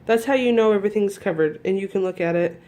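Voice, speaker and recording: A woman's voice: medium pitch, quick pace, mellow. A woman with a groggy morning voice, chatting casually through a crafting demonstration with lots of fillers and restarts. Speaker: crafting tutorial host.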